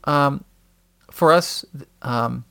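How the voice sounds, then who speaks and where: A man telling stories in a casual podcast chat, rambling with many fillers and acting out quotes loudly. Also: medium pitch, extremely slow, creaky, clear, resonant tone. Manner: rambling storyteller, profane, acts out quotes loudly. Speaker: podcast guest. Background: dogs nearby.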